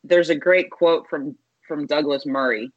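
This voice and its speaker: A man's voice: a little high, measured pace, no echo, lo-fi sound. A man co-hosting a podcast, talking politics emphatically and stressing points by repetition. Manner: emphatic, repeats words for stress. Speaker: podcast co-host. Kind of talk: casual political chat.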